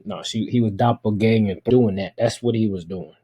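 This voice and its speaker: A man hosting a reaction video, commenting casually on a clip. He stops it now and then to explain and clears his throat. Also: lowish voice, fairly even intonation, moderate pace, dull audio.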